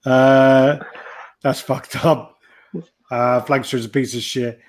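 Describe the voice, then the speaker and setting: A man's voice: medium pitch, flat delivery, takes it slowly. Rambling, sweary man. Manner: sweary, rambling, reads viewer comments aloud. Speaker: livestream co-host. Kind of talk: casual chat.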